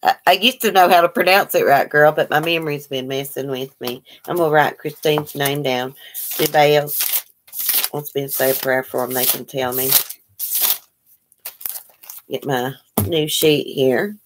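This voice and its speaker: A woman's voice: low-pitched, fairly even intonation, moderate pace, long pauses, slight background noise. A woman hosting a casual livestream, greeting viewers by name and chatting about their comments. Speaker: livestream host.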